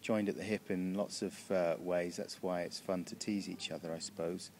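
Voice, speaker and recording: Deep-voiced rambling British man. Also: fairly even intonation, normal speed, a little mellow, a little hiss or hum. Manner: rambling, self-interrupting, chuckling. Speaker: comedian interviewee. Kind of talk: casual backstage interview. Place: backstage room.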